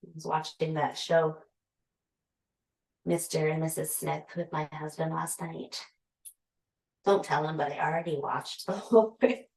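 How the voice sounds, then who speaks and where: A woman's voice: deep voice, fairly even intonation, a little slow, gravelly, pauses often, darkish tone. A woman teaching a yoga class, calling out poses and breath cues with chatty, laughing asides. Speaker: yoga instructor. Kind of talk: guided yoga class cueing. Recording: echoey room.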